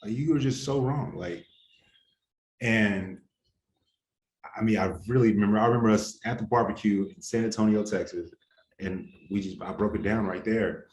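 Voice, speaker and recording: A man's voice: fairly low pitch, steady tone, normal speed, long pauses. A young adult man answering interview questions in an earnest, heated, casual way full of slang. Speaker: interview guest. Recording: roomy echo, faint ambience.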